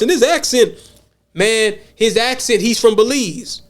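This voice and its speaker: A man co-hosting a podcast, talking in a casual, profane and animated way and acting out quotes. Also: extremely high pitch, a little slow. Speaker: podcast co-host. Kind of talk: casual chat.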